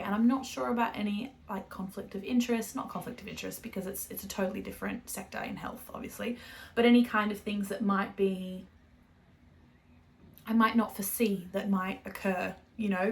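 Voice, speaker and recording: Young Australian woman, casual knit-and-chat host, chatty and self-correcting. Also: medium pitch. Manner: chatty, rambling, self-correcting, laughs often. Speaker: knitting podcast host.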